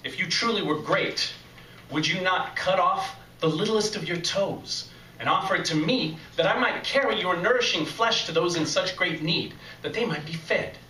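A man's voice: high-pitched, normal speed, pushed and bright, echoey room, distant mic, a little hiss or hum, rough recording. A man voicing a sly, scheming male devil with a folksy drawl, in a told story.

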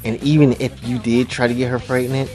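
A man's voice: medium pitch, flat delivery, a little fast, dark tone, faint music behind, close to an everyday voice. A man voicing an arrogant, boastful young anime rival who sneers and threatens. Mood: arrogant, threatening.

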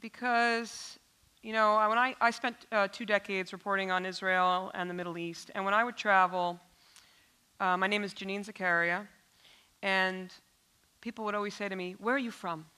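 A woman's voice: medium pitch, fairly even intonation, normal speed, pushed and bright, smooth. A woman journalist from New York interviews her guest onstage in a pointed, challenging way.

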